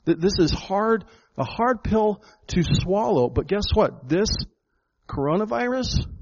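A man preaching a sermon in a church hall, his voice on the high side for a man. He speaks with emphatic conviction, doubling words as he presses his points to the congregation. The recording is dull and lo-fi. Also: lively intonation, unhurried, a little mellow, a little hiss or hum. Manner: emphatic, repeats words, addresses the congregation as folks. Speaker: pastor.

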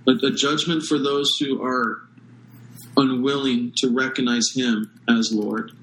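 A man preaching a sermon as pastor, earnest and measured, stressing key words with pauses. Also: medium pitch, steady tone, a bit bright, a little hiss or hum, poor audio.

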